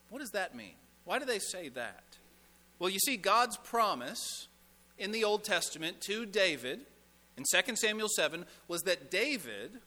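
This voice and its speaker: Bright-voiced male pastor preaching in a hall. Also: high-pitched. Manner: emphatic, rhetorical questions, drops to a hush on key lines. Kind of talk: sermon. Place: church sanctuary.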